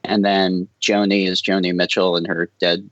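A man guesting on a podcast, talking in a relaxed, rambling way and laughing often. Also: sits low, normal speed, no echo, dull audio. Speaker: film director guest. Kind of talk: casual podcast interview.

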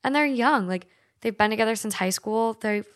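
A woman's voice: on the high side, moderate pace, fairly bright tone. A young woman from Minnesota hosting a podcast, chatting casually, swearing freely and using lots of filler words. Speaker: podcast host. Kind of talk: casual chat, reading stories aloud.

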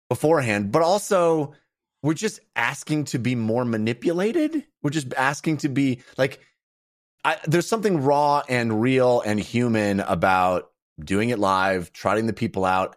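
A man co-hosting a video game podcast in casual chat, talking in a halting, playful way. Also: on the low side. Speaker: podcast co-host.

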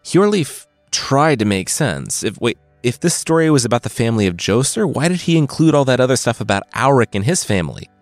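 Wry, animated male storyteller. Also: mid-range voice, a little fast, hardly any pauses, dry recording. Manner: wry, sarcastic asides. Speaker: storyteller host. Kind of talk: comedic retelling of a saga.

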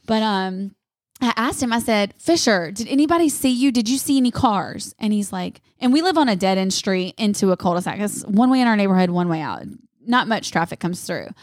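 A young woman, co-hosting a podcast in casual chat, telling a story with lively asides. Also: mid-range voice, a little fast, dry recording, studio quality. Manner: animated storytelling, acts out voices. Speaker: podcast co-host.

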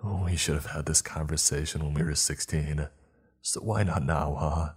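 A frail young male captive pleads in a cracked, raised voice and then turns to cold taunting, as a man reads him out. Underneath sits a very deep, husky voice. It is a dark horror story read aloud. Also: steady tone, normal speed, soft background music, heavily acted. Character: broken, desperate young man prisoner.

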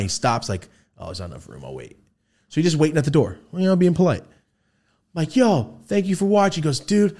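Casual young male podcast host, animated storyteller, pitch all over the place. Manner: animated, acts out quotes with big pitch jumps and shouts.

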